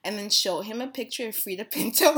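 A woman's voice: mid-range voice, fairly quick, fairly bright tone, a little hiss or hum. A young woman co-hosting a podcast in casual chat, blunt and playful, swearing and gushing as she talks. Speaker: podcast co-host.

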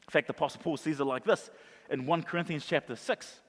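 A male pastor preaching a sermon, animated, acting out the voices of Bible figures. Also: a little high, fast talker. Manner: animated, acts out voices of crowd and Jesus. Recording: long reverb of a large hall.

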